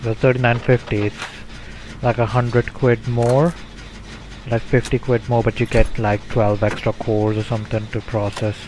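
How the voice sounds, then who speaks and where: A man's voice: medium pitch, normal speed, a little hiss or hum. Casual British man chatting while gaming. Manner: relaxed, rambling, with frequent fillers. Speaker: streamer host.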